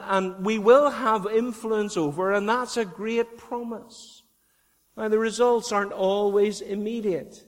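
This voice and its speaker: A man with a Northern Irish accent preaching a sermon, earnest and repeating key phrases for emphasis. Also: high-pitched. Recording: long hall reverb.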